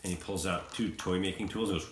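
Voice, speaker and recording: A man narrating a tabletop game as game master, animated and often laughing between lines. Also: deep voice, brisk. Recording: echoey room, faint noise.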